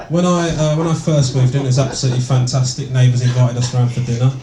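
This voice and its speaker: A man doing a stand-up comedy set, deadpan and sardonic, with plenty of swearing. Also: medium pitch. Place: small comedy venue, indoors, with audience. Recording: echoey room, distant, loud noise. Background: audience laughter.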